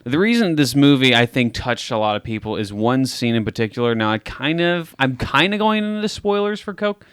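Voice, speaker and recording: A man's voice: mid-range voice, animated, a little fast, hardly any pauses, fairly bright tone, clean tone, dry recording. A man co-hosting a casual podcast chat, talking things through with restarts, "uh" and "um". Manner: chatty, restarts and hesitates with "uh" and "um". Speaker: podcast co-host.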